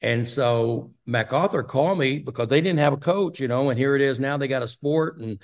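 A man's voice: mid-range voice, brisk. An older man from Texas, a guest in an interview, telling long stories with many fillers. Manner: rambling storyteller with many fillers. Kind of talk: casual storytelling interview.

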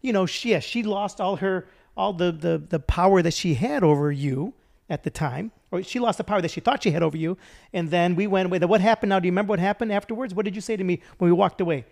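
A man co-hosting a casual podcast, with a high voice and a gravelly fry in it. He rambles through a story with halting restarts. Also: darkish tone. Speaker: podcast co-host.

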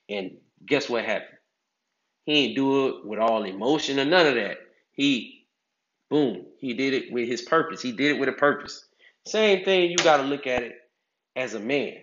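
A man's voice: medium pitch, fairly bright tone. A man, giving casual advice and acting out other people's voices with big swings. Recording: echoey, slightly dull sound.

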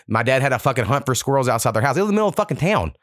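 A man hosting a podcast chats loosely and tells stories, cursing as he goes. His voice sits in a middle pitch and comes across dry and close, with no room sound around it. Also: very animated, racing, dry recording. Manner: laid-back, profane storytelling. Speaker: podcast host. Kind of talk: casual podcast chat.

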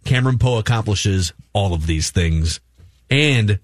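A man's voice: fairly low pitch, lively intonation, unhurried, no room sound, clean studio sound. A man co-hosting a movie podcast who recaps the plot and jokes with his co-hosts. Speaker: podcast co-host.

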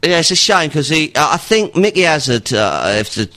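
A man's voice: a little high, big pitch swings, normal speed, sharp tone. A man guesting on a football podcast, talking with enthusiasm in casual chat.

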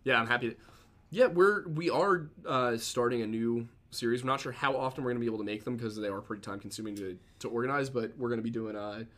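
A man co-hosting a podcast, teasing his partner in quick casual banter. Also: medium pitch, fairly bright tone. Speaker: podcast co-host. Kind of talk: casual chat.

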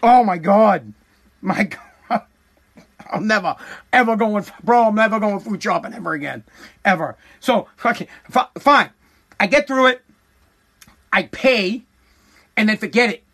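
A man's voice: sits high, expressive, a little slow, long pauses, a bit bright. A man telling a comic story as a profane, exasperated rant, full of stammered restarts. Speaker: comedic storyteller.

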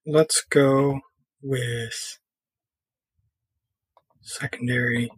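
Male tutorial presenter, slow and casual, slightly husky, dry close mic. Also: mid-range voice, dry recording. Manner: relaxed thinking aloud with fillers while clicking through software. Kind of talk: casual screen-recorded coding tutorial.

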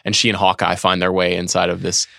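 A man co-hosting a podcast, talking through a film at length in a relaxed, analytical way. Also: deep voice, quick pace, creaky, dry recording, studio quality. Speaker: podcast co-host. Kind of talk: casual film discussion.

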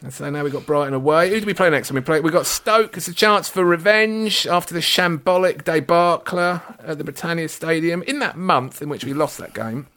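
A man co-hosting a casual football chat, animated and sarcastic. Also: on the high side, normal speed, hardly any pauses. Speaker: football podcast co-host.

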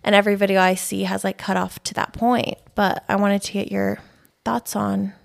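A woman's voice: mid-range voice, flat delivery, normal speed, vocal fry. A young woman in her twenties co-hosting a podcast, chatting casually about celebrity news with lots of fillers. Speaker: podcast co-host. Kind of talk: casual chat.

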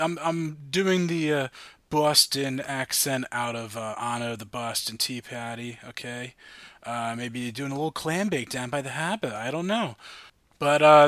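A man's voice: fairly high pitch, a bit bright, no echo. A man hosting a casual podcast, upbeat and rambling with lots of fillers. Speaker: podcast host.

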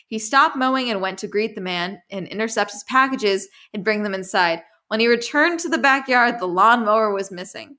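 A woman hosting a podcast, reading listener messages aloud with rambling, animated asides. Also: mid-range voice. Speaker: podcast host.

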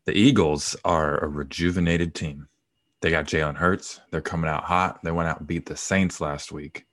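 Very deep-voiced man hosting a podcast. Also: steady tone, moderate pace, a bit bright, no room sound, studio quality. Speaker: podcast co-host. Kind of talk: casual sports podcast chat.

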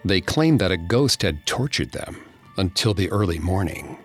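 Man, very deep voice, scripted dramatic narration, measured and dark, faint music underneath. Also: lively intonation. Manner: measured, dark storytelling that sinks to a hush at grim moments. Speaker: podcast narrator.

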